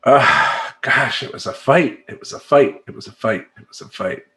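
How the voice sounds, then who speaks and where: A man's voice: mid-range voice, very animated, normal speed, pushed and bright. Rambling, emphatic male life coach. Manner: rambling, emphatic, acts out clients and sound effects. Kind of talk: casual monologue to camera.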